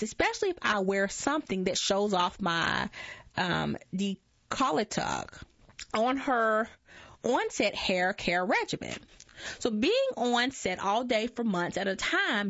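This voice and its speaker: A woman reading magazine articles aloud at an unhurried pace, often stumbling over words and correcting herself. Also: mid-range voice, a bit bright, no room sound. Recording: dull lo-fi dry recording.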